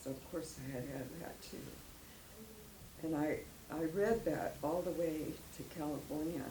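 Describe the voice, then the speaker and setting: An older woman with a low, dark voice speaks at a moderate pace, giving an emotional personal testimony as a guest speaker in a church hall. She rambles a little and laughs often, and the recording is echoey with faint noise.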